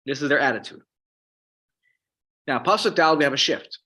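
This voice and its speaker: A man teaching a Psalms class, explaining Hebrew words in an animated way with frequent restarts. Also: mid-range voice, moderate pace, slightly rough. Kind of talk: Torah class lecture.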